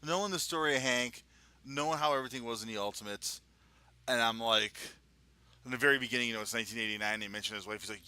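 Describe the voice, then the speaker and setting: Male podcast co-host, very bright tone, easygoing banter with loose swearing. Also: medium pitch, fast, clear, resonant tone. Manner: laid-back, joking, swears casually. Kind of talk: casual chat.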